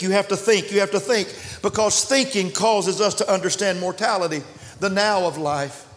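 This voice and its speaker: A man preaching a sermon in a church, impassioned, swinging between shouts and hushed asides. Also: sits high, slight background noise. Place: church sanctuary. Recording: long church reverb.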